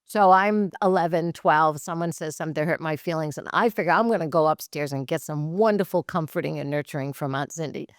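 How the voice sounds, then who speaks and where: A woman therapist from Massachusetts, a guest in a casual podcast interview. Her voice sits fairly low, and she is animated, laughing often as she tells stories. The recording is dry and close. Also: fairly quick, few pauses, dry recording.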